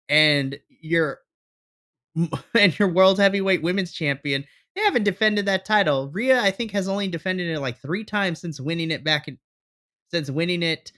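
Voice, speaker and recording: A man's voice: sits high, sharp tone. A man co-hosting a podcast, chatting casually and animatedly about a wrestling show, acting out his own reactions. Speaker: podcast co-host. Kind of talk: casual wrestling review chat.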